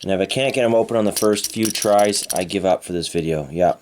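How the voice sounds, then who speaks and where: A man's voice: fairly low pitch, a little fast, darkish tone, slight background noise. A man from Canada narrating an unboxing of die-cast toy cars with enthusiastic, playful exclamations. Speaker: toy car reviewer.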